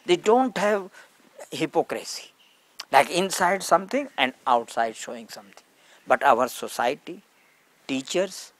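Earnest man teaching in broken English. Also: high voice. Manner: simple broken English, earnest, acts out stories. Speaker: spiritual teacher. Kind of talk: satsang talk with storytelling.

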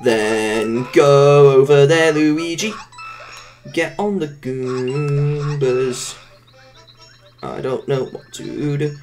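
A woman commentating her own video game playthrough, excitable, coaxing her character along, humming tunes and yelping at mishaps. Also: sits low, very slow, music in the background. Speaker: gameplay commentator. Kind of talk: let's-play commentary.

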